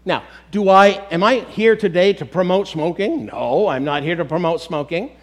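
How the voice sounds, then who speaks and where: A middle-aged man with a high voice preaches from the pulpit. He speaks emphatically and addresses his congregation directly. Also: moderate pace. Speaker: pastor. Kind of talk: sermon.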